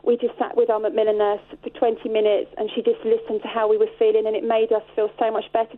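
Earnest woman over a tinny phone line. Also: fairly high pitch. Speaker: charity spokesperson. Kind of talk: phone interview.

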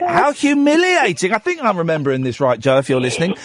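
Brief: male phone-in host, lively and high-pitched, dry studio sound. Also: normal speed, dry recording. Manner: animated, chatty, laughs at his own stories. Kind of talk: casual radio chat. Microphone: studio microphone.

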